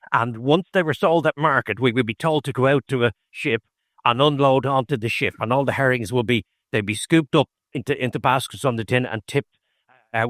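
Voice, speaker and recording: A man's voice: mid-range voice, fairly bright tone, no room sound. Irish man telling rambling fishing stories. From Ireland (Howth). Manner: meandering anecdotal storytelling with frequent restarts. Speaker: guest, fisherman turned distiller. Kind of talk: casual conversation.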